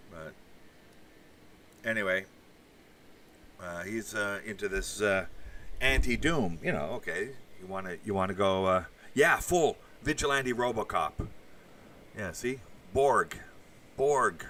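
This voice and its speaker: A man's voice: lowish voice, lively intonation, takes it slowly, pushed and bright, recorded from a distance, slight background noise. A man hosting a casual livestream, chatting with viewers in a rambling way and swearing now and then. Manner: rambling, with asides and crude swearing. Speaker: podcast host reading live chat.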